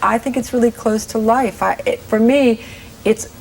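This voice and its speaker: A woman's voice: a little high, steady tone, vocal fry, rough recording. A woman in her forties, a guest actress in a casual TV interview, talking earnestly and restarting her sentences often. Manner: earnest, halting, many restarts.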